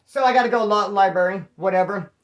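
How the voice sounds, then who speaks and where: In a muffled recording, a high-pitched man speaks fast as he tells casual stories from his days as an inmate. He swears freely, leans on slang, and acts out what others said.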